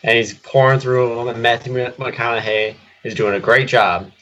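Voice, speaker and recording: A man co-hosting a casual movie podcast, telling an anecdote in animated bursts. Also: medium pitch, moderate pace, dull audio. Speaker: podcast co-host. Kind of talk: casual chat about movies.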